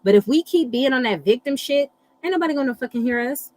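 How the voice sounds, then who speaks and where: A middle-aged woman hosting a casual live chat, animated and blunt, swearing freely and reacting to viewer comments. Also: high voice, fast talker, poor audio. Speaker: livestream host reading astrology.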